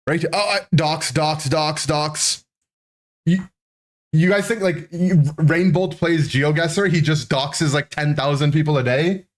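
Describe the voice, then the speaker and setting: Rambling man telling a childhood story. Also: fairly high pitch. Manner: animated, rambling, full of "right?" and "like". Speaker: streamer. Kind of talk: casual storytelling to a live chat.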